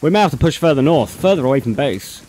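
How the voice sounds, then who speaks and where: A man's voice: on the high side, expressive, fast talker, darkish tone, a little hiss or hum. A man with a Bristolian accent chatting casually while playing a survival game on stream, calling people mate. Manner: laid-back, chatty, says mate a lot. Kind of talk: casual gaming chat.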